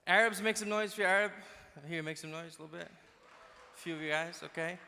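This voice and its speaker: A man from Dubai working the crowd as a stand-up comedian, his voice bright and sitting a little high. He talks in a chatty, self-deprecating way. The sound rings out with the long reverb of a big conference hall. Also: brisk, gravelly, slight background noise.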